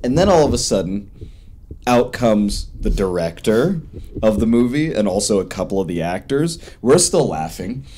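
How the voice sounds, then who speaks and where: A man hosts a podcast and tells a story at his own expense in an expressive way. His pitch swings widely as he talks. A faint hiss sits behind him. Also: normal speed. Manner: expressive, self-mocking storyteller. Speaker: podcast host. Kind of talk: casual chat, storytelling.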